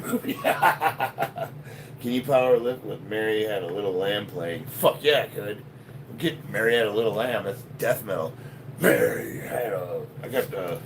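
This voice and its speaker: Lively, profane man in his fifties. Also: lowish voice, noisy background. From Chicago, United States. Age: 50s. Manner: profane, joking, laughs often. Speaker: powerlifter live-streaming a workout. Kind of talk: casual live-stream chat reading comments.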